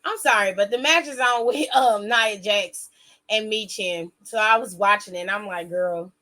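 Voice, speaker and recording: A woman giving a casual, chatty recap of a wrestling show, animated and swearing freely, with quick asides that interrupt her own story. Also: mid-range voice.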